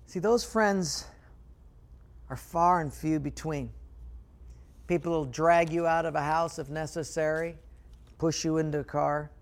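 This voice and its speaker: A man preaching a sermon as pastor, telling stories with animation and dropping to quiet emphasis. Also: a little high, fairly even intonation, measured pace, pauses often.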